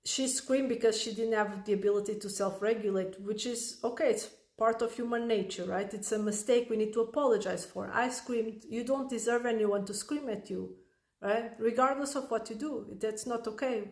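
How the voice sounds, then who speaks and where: A woman's voice: mid-range voice, a little mellow, roomy sound. A woman giving parenting advice as a coach, conversational, often checking in with "right?" and restarting her sentences. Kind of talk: advice talk to camera.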